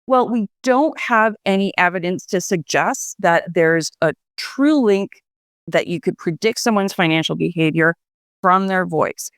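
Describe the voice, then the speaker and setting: Research guest, gravelly voice, dry close recording, explanatory. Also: mid-range voice, measured pace, fairly bright tone, dry recording. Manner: explanatory, with fillers and restarts.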